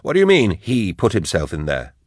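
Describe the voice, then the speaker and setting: A man's voice: low-pitched, wildly swooping pitch, fairly quick, no room sound, full character voice. A man voicing a wary, sardonic male companion with a dry tone.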